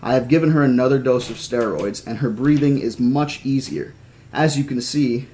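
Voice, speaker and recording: A man reading as a calm, formal doctor. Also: medium pitch, moderate pace, close to an everyday voice. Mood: reassuring. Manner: formal, careful speech. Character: calm male Costa Rican doctor, measured and formal.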